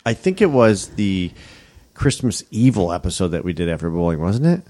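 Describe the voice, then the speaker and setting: A man's voice: sits low, big pitch swings, brisk, darkish tone. A man co-hosting a podcast, talking about a film in a laid-back, sardonic, profane way. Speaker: podcast co-host. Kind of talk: casual movie recap chat.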